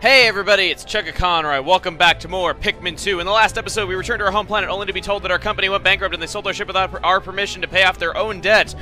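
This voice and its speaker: A young man hosting a let's play, giving joking commentary that bursts into excited yelling. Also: sits high. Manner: animated, joking, quick to yell in excitement. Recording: game music underneath.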